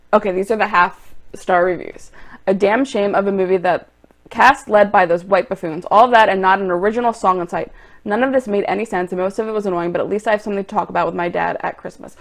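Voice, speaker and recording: A young woman vlogger reacting to online film reviews, exasperated and ranting, turning loud and quick when annoyed. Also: lowish voice. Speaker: movie vlogger.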